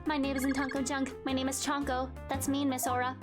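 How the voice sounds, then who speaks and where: A woman's voice: sits high, completely flat delivery, a little fast, natural voice. A woman voicing an eager male guide robot that stutters and repeats itself. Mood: whiny. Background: game music.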